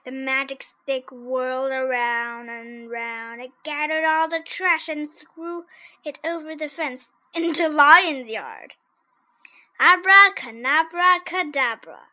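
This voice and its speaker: Slow, high-voiced woman reading a story. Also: sharp tone. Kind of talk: reading a children's story aloud.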